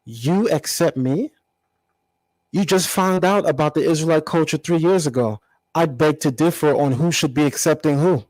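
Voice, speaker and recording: A man with a high, bright speaking voice, recorded dry and close to the mic. He answers a critic in a combative commentary, repeating his key words for emphasis. His tone stays lively and pointed. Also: a little fast, no room sound, rough recording. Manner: animated, combative, emphatic repetition. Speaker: channel host. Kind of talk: confrontational commentary vlog.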